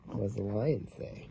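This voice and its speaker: A man's voice: lowish voice, gravelly, dark tone, a little hiss or hum. A man reading a picture book aloud to his baby in a casual home video, joking about what noises the animals make.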